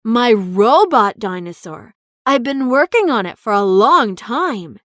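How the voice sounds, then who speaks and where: A woman voicing a cheerful young boy inventor in a children's story, talking in a bright, eager, pleading way. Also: a little high, big pitch swings, takes it slowly, no room sound, studio quality, exaggerated voice. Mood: explaining.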